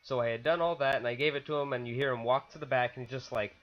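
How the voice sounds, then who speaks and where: A man's voice: mid-range voice, steady tone, quick pace, soft background music. A young man co-hosting a podcast in casual, chatty talk who laughs often. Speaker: podcast co-host. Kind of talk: casual chat. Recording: dull lo-fi sound.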